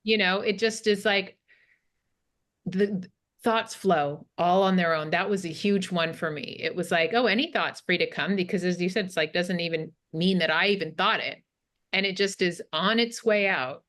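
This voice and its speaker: A woman hosting a casual interview podcast, lively and affirming, acting out her own past thoughts as quotes. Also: on the low side, moderate pace. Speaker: podcast host.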